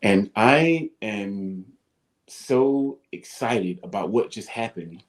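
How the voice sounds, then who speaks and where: A man, a former football player telling animated stories as a guest on a talk show. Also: on the low side, takes it slowly. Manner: animated storyteller, acts out his coaches and shouts. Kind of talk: storytelling in a talk-show interview.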